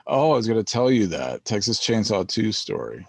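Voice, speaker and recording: A man's voice: lowish voice, very animated, normal speed, gravelly, a little mellow, no room sound. A man hosting a casual, profane chat, laid-back and laughing often. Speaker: host.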